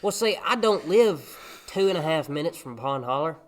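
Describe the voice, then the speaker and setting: A man's voice: a little high, expressive, normal speed. A young man, chatting casually about country life on a podcast. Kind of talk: casual chat.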